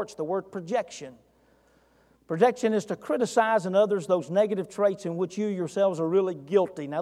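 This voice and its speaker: Speaking in a dark tone, a male pastor with an unusually high voice delivers a heartfelt sermon and presses the congregation with direct questions. His voice echoes through a big church with lengthy reverb.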